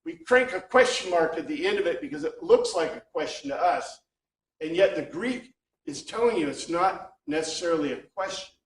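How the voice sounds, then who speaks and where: A man's voice: fairly high pitch, animated, normal speed, a little hiss or hum. Man teaching a Bible class in an echoey room. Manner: thinking aloud, with many restarts. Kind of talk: informal Bible class lecture. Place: classroom with a small group. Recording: echoey room, speaker far from mic.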